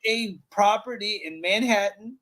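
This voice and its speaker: A man's voice: high voice, unhurried, bright, forceful tone. A man on a livestream panel, speaking bluntly in slangy casual chat and often cutting in. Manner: slangy, blunt, interrupts a lot.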